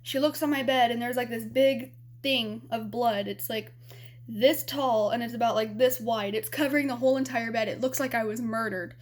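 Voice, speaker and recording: A woman's voice: fairly high pitch, fairly even intonation, normal speed. A young adult woman vlogging, telling a personal story in a candid, rambling way with lots of fillers.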